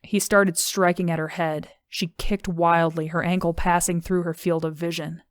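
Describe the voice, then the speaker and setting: A woman reading an audiobook in a steady, even narration. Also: fairly low pitch, normal speed, dry recording, studio quality. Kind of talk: scripted narration.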